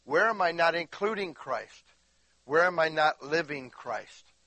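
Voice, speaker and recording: A man preaching a sermon, emphatic, going from quiet asides to crying, shouting peaks, and speaking while in constant bodily pain. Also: fairly high pitch, animated, a little slow, no echo. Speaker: pastor.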